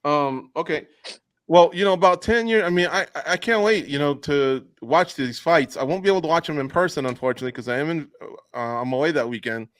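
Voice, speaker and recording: A man's voice: fairly high pitch, brisk, a bit bright, no room sound. A man hosting a radio show, asking a guest rambling, joking questions in a casual interview.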